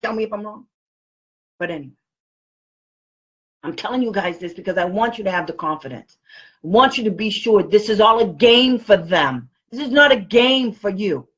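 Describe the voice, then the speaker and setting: A woman giving a blunt, animated training talk to parents as a special education advocate. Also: medium pitch, moderate pace, long pauses, husky. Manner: animated, blunt and combative, with quoted comebacks. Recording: dull lo-fi recording.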